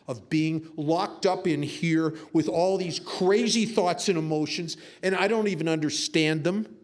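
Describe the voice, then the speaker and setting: A man telling his own story at a recovery meeting, his voice sitting a touch higher than most. He talks in an earnest, confessional way, slipping into self-mocking humor as he tells stories. The delivery is heartfelt and unpolished. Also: a little slow, hardly any pauses. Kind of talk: personal testimony talk with storytelling.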